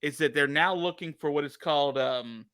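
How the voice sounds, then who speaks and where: Male podcast co-host, bright forceful voice, joking and animated, dry close sound. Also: a little high, moderate pace, smooth, no echo. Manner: animated, joking, laughs often. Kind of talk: casual chat.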